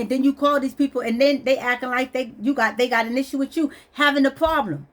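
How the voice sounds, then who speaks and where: A woman's voice: sits high, quick pace, hardly any pauses. A woman venting bluntly on a vlog, stressed and weepy, swearing as she talks. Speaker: vlogger. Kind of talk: emotional personal vent.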